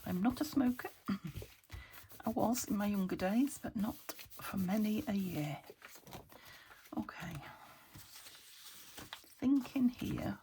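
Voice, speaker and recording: A middle-aged woman from the UK with a croaky voice, hosting a casual crafting video and thinking aloud, often dropping into half-whispers. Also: medium pitch, animated, slow, long pauses, mellow, slight background noise. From United Kingdom. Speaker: crafting channel host.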